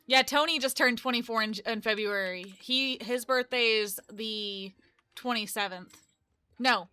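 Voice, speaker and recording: Bright-voiced chatty young woman streamer. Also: fairly high pitch, measured pace, clean tone. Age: 20s. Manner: rambling, chatty, self-correcting. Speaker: live streamer and game developer. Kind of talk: casual live-stream chat.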